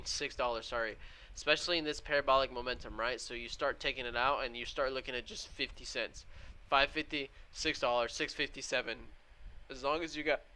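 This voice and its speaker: Bright, clear-voiced man streaming trades. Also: mid-range voice. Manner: casual, talks to viewers and reads chat. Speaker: day trader streaming live. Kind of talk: live trading stream commentary.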